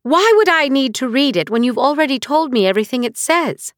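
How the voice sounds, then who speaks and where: A woman's voice: high-pitched, lively intonation, fairly quick, no echo, clean studio sound, pitched above the performer's own voice. A woman voicing a stern aristocratic mother who speaks in cold, clipped, dismissive lines in an audiobook. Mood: icy. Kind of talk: audiobook character reading.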